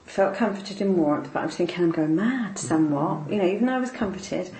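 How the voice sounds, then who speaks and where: A woman being interviewed, recounting a personal faith story in a halting, emotional way, often repeating her words. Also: lowish voice, animated, dark tone, slight background noise. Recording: roomy echo.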